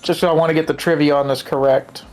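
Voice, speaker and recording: A man's voice: on the high side, level tone, fast, darkish tone. A man co-hosting a game stream in casual chat, telling trivia and swearing freely. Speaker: stream co-host.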